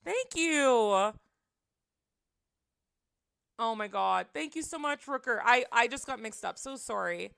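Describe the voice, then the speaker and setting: A woman chatting on a home livestream, rambling and giggly, with many filler words and sudden excited reactions to her chat. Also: on the high side, moderate pace, creaky, few pauses, no room sound, studio quality. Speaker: streamer.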